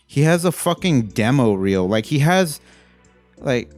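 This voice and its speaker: A man giving a casual, rambling, profane movie review, getting animated as he rants. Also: medium pitch, a little slow, faint music behind.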